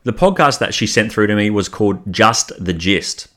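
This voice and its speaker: A male podcast host with a fairly low voice introduces clips from other shows. He talks in a relaxed, conversational way and sprinkles in ums as he goes. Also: normal speed. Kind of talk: casual podcast narration.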